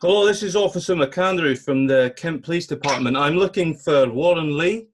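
Casting: male co-host, fairly high voice, halting prank-caller delivery, light hiss. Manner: hesitant, filler-heavy. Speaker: podcast co-host. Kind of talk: prank phone call and banter.

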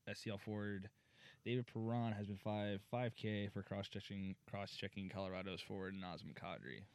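This laid-back podcast co-host is a man with a fairly low, smooth voice and fairly even intonation, talking at a normal speed with no echo. He reads hockey news on a casual sports show, laughing and swearing along the way.

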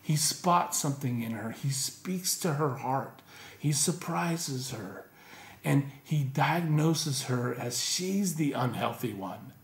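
A male pastor preaching a sermon in an animated, conversational way, with rhetorical questions to the congregation. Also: mid-range voice, slow pace. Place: church. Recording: echoey church room.

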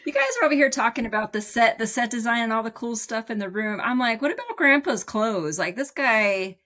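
A woman's voice: a little high, brisk, a bit bright. A woman from the West Coast, a guest on a podcast, musing aloud in a wry, casual chat. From West Coast, United States.

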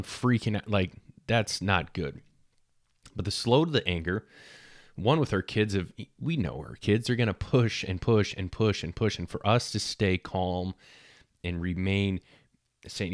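A man with a very deep voice talks earnestly on a podcast about being a good father. He stops and restarts often, leaning on fillers and repeating words as he works through his point. The sound is dry, with no room echo. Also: fairly bright tone. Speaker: podcast host. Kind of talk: casual faith talk on fatherhood.

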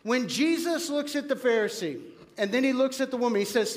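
A pastor, a man, delivering a sermon in a notably high voice. He tells stories with energy, acting out quoted lines, then drops low and earnest to press his point home. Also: quick pace. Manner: animated storytelling, acts out quoted voices; drops to quiet, earnest tone for application.

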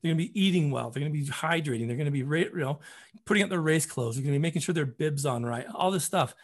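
A man, a running coach, telling stories as a podcast guest in an animated way, often repeating words as he gets excited. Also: on the high side, fast talker. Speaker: running coach and program founder.

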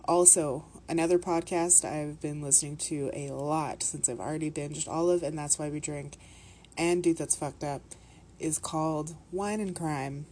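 A woman's voice: sits low, steady tone, normal speed, darkish tone, a little hiss or hum. A Canadian woman with a slight Minnesotan lilt, hosting a podcast in casual, rambling chat, often laughing and swearing. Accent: Canadian, with a put-on Minnesotan lilt. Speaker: podcast host.

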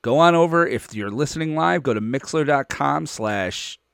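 A man's voice: mid-range voice, expressive, moderate pace, vocal fry, a bit bright, clean tone, no room sound. Chatty man with a dry voice. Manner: laughing, rambling, chatty. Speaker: podcast co-host and director. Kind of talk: casual podcast sign-off.

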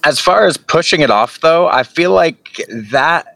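A man's voice: fairly high pitch, lively intonation, measured pace, creaky, fairly bright tone, no room sound. A man in casual podcast chat, rambling and thinking aloud.

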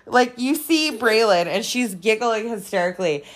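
A woman's voice: fairly high pitch, expressive, normal speed. A woman hosting a casual chat, rambling and profane.

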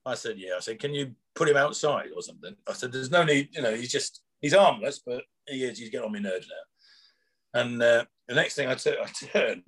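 A man's voice: mid-range voice, normal speed, a bit bright, husky. A man, a former prison officer, telling rambling anecdotes in casual chat, acting out quoted dialogue with chuckles.

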